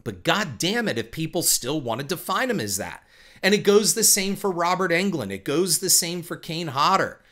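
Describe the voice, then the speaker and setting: A man hosting a solo podcast, talking emphatically and opinionatedly with some fillers. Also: moderate pace. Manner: opinionated and emphatic, with animated pitch swings; uses uh fillers and restarts, ranting. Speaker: podcast host.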